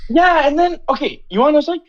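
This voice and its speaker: A man's voice: extremely high pitch, racing, lo-fi sound. Young man ranting and swearing. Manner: animated swearing rant, acts out quotes. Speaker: podcast host. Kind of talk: casual chat.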